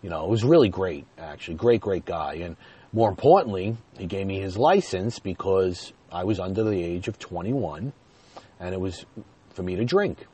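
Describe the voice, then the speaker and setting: A man's voice: low-pitched, expressive, moderate pace, dark tone, breathy edge. A man telling a personal story in a chatty way, talking straight to his viewers and chuckling now and then.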